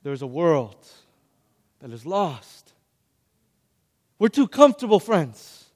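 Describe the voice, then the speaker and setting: A young man preaching a sermon, animated and calling on his listeners to answer back. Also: fairly high pitch, slow. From Hispanic background. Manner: animated, calls on the audience to respond. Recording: long hall reverb.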